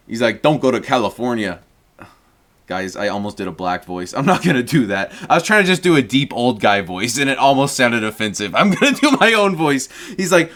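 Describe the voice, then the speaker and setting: A young man tells a long story in a loose, casual rant. He rambles and swears freely, with frequent chuckles. His voice sits in an ordinary middle pitch. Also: a bit bright. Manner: rambling, profane, chuckles often. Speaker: streamer.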